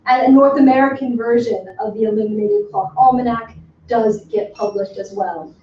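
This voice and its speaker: Higher-pitched woman lecturing in an echoey room. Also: normal speed, dark tone. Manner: enthusiastic, emphatic, with frequent ums. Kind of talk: academic talk to a workshop audience. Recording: far from the mic in an echoey room, dull and slightly noisy.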